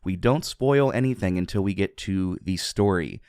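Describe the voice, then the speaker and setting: Low voiced podcast guy, excited, laughs a lot, dry close mic. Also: normal speed, smooth, no room sound. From southwestern Pennsylvania. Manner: enthusiastic, laughs often, rambling asides. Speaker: podcast co-host. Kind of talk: casual podcast chat.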